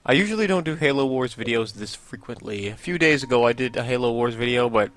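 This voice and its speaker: A young man, hosting a Let's Play, casually comments over his own gameplay, rambling, joking at himself, and laughing often. His mid-range voice is expressive and a bit bright, and he talks fast.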